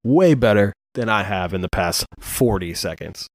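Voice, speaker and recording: Rambling, profane man, low voice. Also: expressive, moderate pace, dry recording. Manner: rambling, profane, many fillers. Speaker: podcast host. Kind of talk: casual chat.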